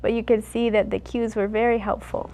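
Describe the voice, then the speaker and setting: A woman's voice: on the high side, little pitch movement, music in the background. A young woman acting as a student speech clinician. She demonstrates a therapy session, coaching patiently and praising each try. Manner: patient, coaching, gives quick bright praise.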